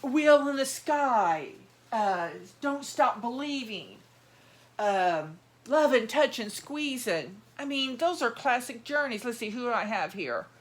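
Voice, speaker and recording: A woman's voice: a little high, lively intonation, measured pace. A middle-aged woman, chatting in a rambling, casual way, full of fillers and restarts, while she handles dolls. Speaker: doll collector vlogger.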